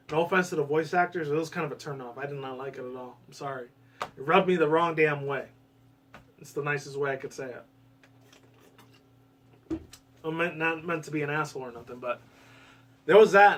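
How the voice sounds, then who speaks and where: A man giving casual gaming commentary in a rambling way, swearing often and breaking into excited bursts, with a US West Coast accent. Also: a little high, distant mic.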